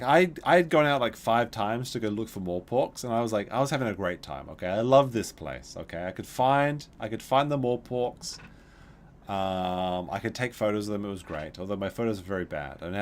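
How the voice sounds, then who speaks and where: A man's voice: lowish voice, a little fast. A man telling a long rambling story while streaming a game, with frequent restarts and asides. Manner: rambling, animated, with many restarts. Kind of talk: casual livestream storytelling.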